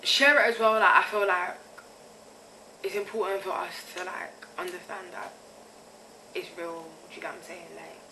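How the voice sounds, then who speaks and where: A young woman vlogger with a lowish, steady voice speaks at normal speed, with vocal fry and frequent pauses, and her tone is bright and forceful. She's self-filmed on a camera mic, confessing candidly in slang and repeatedly checking "you get me." The recording is rough, with a little hiss or hum.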